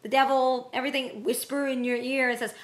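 A young woman co-hosting a casual reaction chat, animated and rambling, often acting out lines in other voices. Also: high-pitched, a little fast. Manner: animated, rambling, acts out quotes in character voices. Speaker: co-host of a reaction show.

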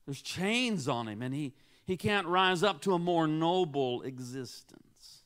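A man's voice: fairly high pitch, animated, measured pace, fairly bright tone, clear, resonant tone. A man in his sixties preaching a sermon as a guest speaker. He tells a story dramatically, dropping to near whispers and then rising for emphasis.

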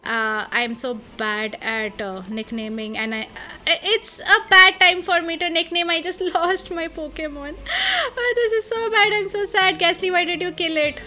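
An excitable woman narrates her own gameplay, her voice pitched high and ringing bright. She thinks out loud, trailing off in fillers and restarts. Soft game music runs underneath. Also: normal speed. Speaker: let's play gamer. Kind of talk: casual game commentary.

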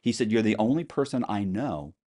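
A man's voice: lowish voice, animated, fairly quick, warm tone. A man telling a long story as an interview guest, acting out the people he quotes and swearing freely.

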